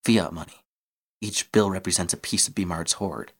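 A man's voice: low voice, fairly even intonation, normal speed, slightly rough. A man reading aloud and voicing a smug, teasing gunslinging woman who craves gold.

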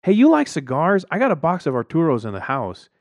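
Man voicing a glad-handing neighbor, high and loud, salesy, pushy, storybook reading, dry. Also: wildly swooping pitch, a little fast, dry recording. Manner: loud, overly friendly, salesy.

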